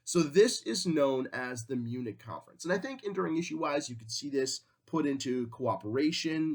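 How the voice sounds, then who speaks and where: A man teaching a history class in a conversational way, often acting out quotes in different voices. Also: on the high side. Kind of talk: classroom lecture.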